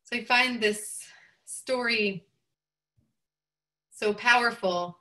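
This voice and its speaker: A woman rabbi telling a teaching story in an expressive way, lifting her voice for quoted speech. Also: on the high side, slow.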